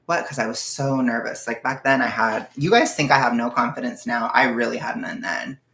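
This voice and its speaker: A man's voice: medium pitch, fairly even intonation, a little fast, pushed and bright, echoey room, recorded from a distance, a little hiss or hum. A young man vlogger telling a personal story in casual chat, rambling with lots of fillers like "like" and "blah, blah.".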